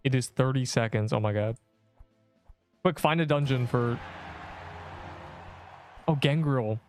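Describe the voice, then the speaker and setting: A young male streamer chatting casually over gameplay, with a voice of ordinary middle pitch. He jokes, rambles and teases his viewers. Faint game music plays softly behind him. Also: measured pace. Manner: joking, rambling, teasing viewers in chat. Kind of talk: casual gameplay livestream chat.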